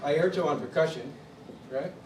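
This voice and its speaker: Man, from Chicago, animated storyteller, far from mic, noisy room. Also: a little high, moderate pace. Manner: animated storyteller who acts out others' quotes. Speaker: drummer telling his story at a clinic. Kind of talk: storytelling interview. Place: drum clinic in a studio room. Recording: distant mic in an echoey room with background noise.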